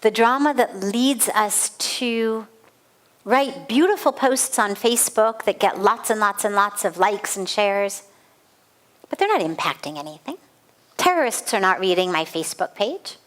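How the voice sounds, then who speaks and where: A woman's voice: mid-range voice, lively intonation, unhurried, a bit bright. A middle-aged woman, a spiritual teacher, giving a satsang talk and telling a personal story with earnest, vivid emphasis and repeated phrases.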